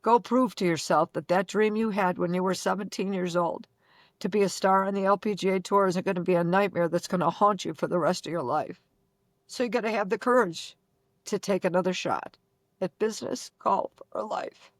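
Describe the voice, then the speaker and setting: An older woman from Buffalo, a guest telling brash, rapid-fire stories with acted-out dialogue. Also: mid-range voice, dry recording, clean studio sound. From Buffalo, New York. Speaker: guest, former pro golfer. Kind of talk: animated storytelling.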